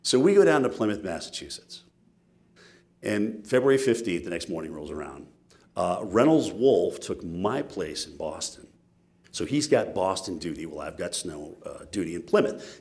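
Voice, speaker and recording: A male TV meteorologist telling self-mocking stories in a lively keynote talk. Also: sits low, gravelly. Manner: animated, self-mocking anecdotes.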